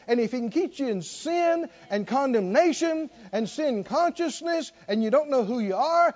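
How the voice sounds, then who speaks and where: Male preacher, really high voice, swoops up and down, muffled lo-fi recording. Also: expressive, brisk, darkish tone. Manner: emphatic, repetitive, rhetorical questions. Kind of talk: sermon. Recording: dull lo-fi recording.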